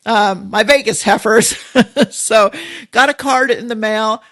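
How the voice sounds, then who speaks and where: A woman's voice: on the high side, takes it slowly, a bit bright, dry recording, studio quality. A middle-aged woman hosting a podcast, chatting in a folksy, rambling way and laughing often. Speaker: podcast host. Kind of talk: casual rambling monologue.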